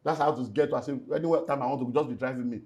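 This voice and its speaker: A middle-aged Nigerian man, a pastor and relationship speaker, giving an emotional personal testimony in an interview. He tells it in a lively way, slips into Nigerian Pidgin, and moves between loud outbursts and hushed moments. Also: medium pitch, very fast.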